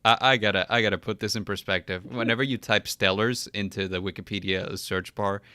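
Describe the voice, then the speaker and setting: Bright-toned joking man. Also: fairly low pitch, steady tone, fairly quick, clean tone, no echo. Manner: laughing, jokey, puts on silly voices. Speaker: podcast co-host. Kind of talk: casual chat.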